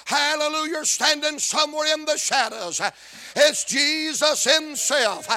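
A man preaching a sermon, shouting and chanting his lines in a sing-song cadence. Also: very high-pitched, unhurried.

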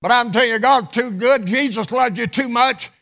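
A middle-aged man preaching a sermon in a church, with chanted, sung-out phrases, then falling to a hushed voice in prayer. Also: very high-pitched, normal speed. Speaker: pastor. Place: church sanctuary.

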